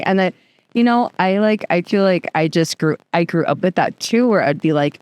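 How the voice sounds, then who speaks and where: A woman guest on a podcast, telling a story in a chatty, animated way with lots of filler words. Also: on the low side, moderate pace, dry recording. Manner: chatty, animated, fills speech with "like". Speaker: podcast guest, youth program co-founder. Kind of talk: casual interview storytelling.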